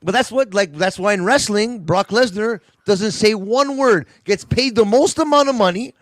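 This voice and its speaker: High-voiced man, dry close sound. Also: normal speed, no room sound. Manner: animated, repeats himself. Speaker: podcast co-host. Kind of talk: casual chat on a video call.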